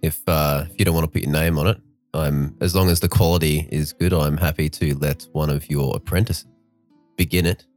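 A man's voice: a bass voice, fairly even intonation, brisk, a little mellow, soft background music. A man playing a tabletop game, talking casually and hesitantly. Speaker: player.

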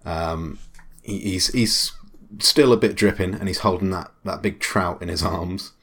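A man's voice: sits low, a little slow, fairly bright tone, a little hiss or hum. A man narrating a tabletop game as game master, with wry, teasing remarks.

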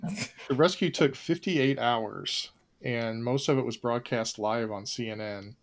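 A man's voice: medium pitch, measured pace. A man hosting a casual trivia podcast, reading out questions and scores in a dry way. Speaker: trivia quiz host.

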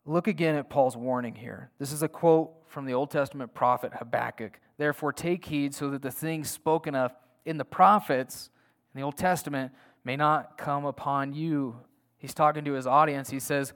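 A man's voice: medium pitch, normal speed, fairly bright tone. A man preaching a sermon in an earnest, emphatic way, often asking his listeners rhetorical questions. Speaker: pastor.

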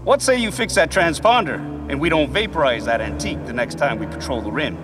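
A man plays a stern starship patrol officer with a fairly high voice, speaking in a formal, measured way. It comes from a film clip with a clear music score and a long reverb tail. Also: expressive, close to an everyday voice. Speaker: officer in a sci-fi series clip.

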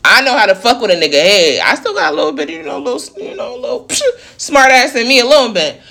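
A vlogger telling a personal story in a casual rant, blunt and heavy with swearing, talking fast in long run-on sentences. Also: sits high, sing-song, creaky, sharp tone. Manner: blunt, profane, heated venting.

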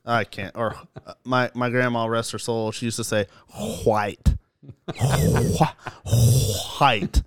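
A man's voice: mid-range voice, level tone, normal speed, a bit bright, clean tone. A man co-hosting a casual podcast, mostly chiming in with short agreements and dry quips. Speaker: podcast co-host. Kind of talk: casual chat.

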